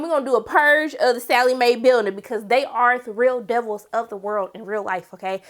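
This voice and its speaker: A young woman casually recapping a TV episode, slangy, profane and animated, acting out the characters' lines as she goes. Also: fairly high pitch, brisk, hardly any pauses. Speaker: TV show reviewer.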